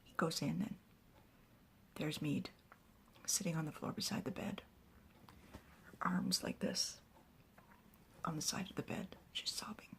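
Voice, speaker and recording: A woman telling a story in a soft, hushed whispered narration. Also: low voice, a little slow, vocal fry, pauses often.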